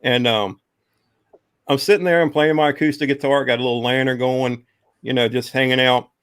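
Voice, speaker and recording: A man of middle pitch spins a rambling ghost story, stopping often for "um" and "you know". The sound is close and dry, with no room around it. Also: steady tone, moderate pace, fairly bright tone, clean tone, no room sound. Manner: rambling, drawling, many fillers. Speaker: guest telling a ghost story. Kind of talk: casual storytelling.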